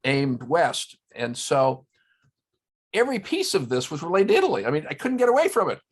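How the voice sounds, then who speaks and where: A man telling stories in casual conversation as a guest at a round-table talk, animated and full of restarts. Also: on the high side, brisk, breathy edge. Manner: storytelling, animated, many restarts. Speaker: guest, former ambassador. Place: indoors, round-table discussion.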